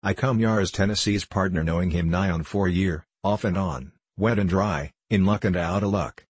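A man puts on a grave, stout male miner from a storybook, pleading in rough backwoods dialect. The voice sits very low and husky, heard close and dry. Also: moderate pace, no room sound. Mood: earnest.

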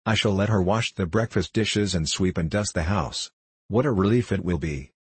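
A man reading the part of a brisk, sharp-tongued housewife in a storybook. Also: deep voice, husky, no echo. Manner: brisk and snappish.

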